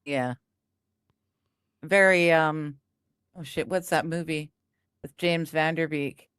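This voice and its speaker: Woman, slow easygoing talk, lowish voice, laughs along, dry close mic. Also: fairly even intonation, fairly bright tone, smooth, no echo. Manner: laid-back, laughs along. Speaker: stream co-host. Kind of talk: casual chat.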